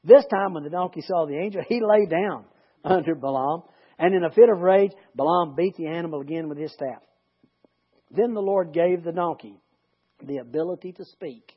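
A man's voice: fairly high pitch, moderate pace, slightly rough. A man leading a Bible study, reading scripture and breaking off into rambling, joking asides. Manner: chatty, rambling, self-interrupting. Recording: lo-fi recording.

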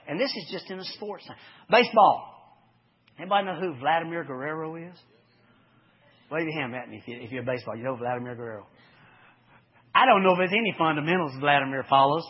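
Preacher guy, highish husky voice, folksy storytelling sermon, muffled lo-fi sound. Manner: folksy storytelling, swings from loud to hushed. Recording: dull lo-fi recording.

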